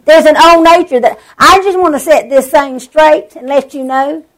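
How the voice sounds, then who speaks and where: A woman preaching a sermon, telling stories with animated emphasis and drawn-out words. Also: high-pitched, low-quality recording.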